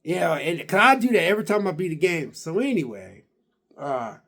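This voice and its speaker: Rambling, excited higher-voiced man. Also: moderate pace. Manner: rambling storyteller with many fillers and restarts; excited and emphatic about finishing. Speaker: gaming vlogger. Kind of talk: casual game recap.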